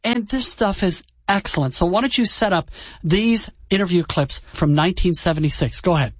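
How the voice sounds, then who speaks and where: A man's voice: high-pitched, a little fast, slightly rough, dry recording, dull audio. A man hosting a radio show about old music, chatting casually with enthusiasm and jokes. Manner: enthusiastic, joking. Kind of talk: casual chat.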